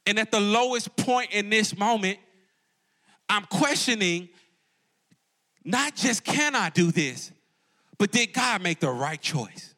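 A man's voice: sits high, lively intonation, slow pace, pauses often, bright, forceful tone. A man preaching a live sermon to a congregation in a church as campus pastor, calling out to the crowd and swinging his voice up and down for emphasis. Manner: call-and-response preaching, rising and dropping for emphasis. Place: church auditorium before a congregation.

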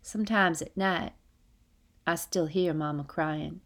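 Female audiobook narrator, first-person storytelling, steady folksy read, slightly low voice. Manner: steady, unhurried reading with folksy dialect.

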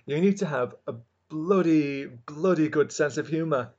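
A man co-hosting a podcast from home, bantering in a playful, deadpan way. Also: on the high side. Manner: playful, deadpan, quick to laugh. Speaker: podcast co-host. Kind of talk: casual comedic banter. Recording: dull lo-fi home recording.

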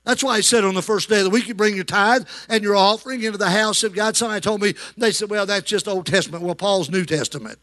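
A man's voice: sits high, fast, few pauses, fairly bright tone. A male pastor preaching a sermon, calling out to the congregation for amens as he goes. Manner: preaching with call-and-response to the congregation. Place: church.

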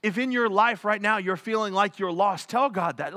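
A male pastor preaching a conversational sermon in an animated way, with frequent restarts. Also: high-pitched, normal speed.

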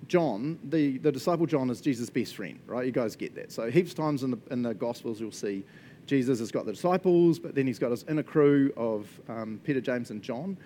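A man preaching a casual, conversational sermon, animated and chatty, often checking in with his listeners. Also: medium pitch, slight background noise. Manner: animated and chatty, frequent laughs and "right?" check-ins.

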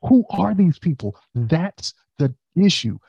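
A man's voice: a little high, very animated, slow, gravelly, husky, dry recording, highs cut off. A man in casual podcast chat, talking animatedly and acting out quotes, with many restarts.

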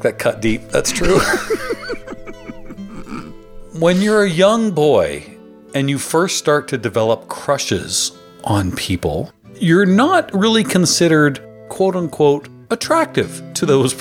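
Animated man swapping stories on a podcast. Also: on the high side, slow pace, soft background music. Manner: animated storyteller, swears freely. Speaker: podcast co-host. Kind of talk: casual podcast chat.

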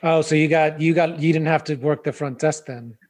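A man hosting a relaxed conversation who keeps nudging his guests along with questions. His voice sits a bit high for a man. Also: moderate pace. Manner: eager, prompting questions. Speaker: host. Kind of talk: casual interview chat.

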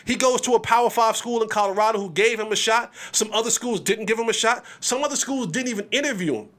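High-voiced, animated sports podcast man. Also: quick pace. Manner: animated, emphatic, repeats words. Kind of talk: solo sports commentary.

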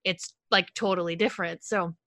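A woman hosting her own podcast, interviewing a guest over a video call in a relaxed, casual way, often saying "like". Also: on the low side, normal speed, no echo, clean studio sound. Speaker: podcast host.

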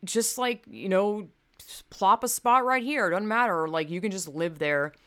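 A woman's voice: mid-range voice, normal speed, a bit bright. A woman from the American South, ranting in a casual, profane, rambling way, full of fillers. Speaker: vlogger. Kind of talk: casual rant to camera. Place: home in California.

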